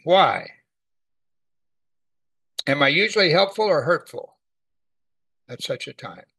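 A man preaching a sermon, teaching from the Bible in a conversational, animated way. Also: fairly high pitch, gravelly, low-quality recording.

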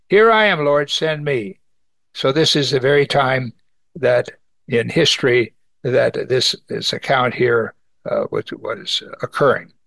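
A man's voice: vocal fry, fairly bright tone, no room sound. A man teaching an evening Bible study, earnestly reading scripture aloud and lifting his voice to stress key points. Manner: earnest, rises in pitch for emphasis, reads scripture aloud.

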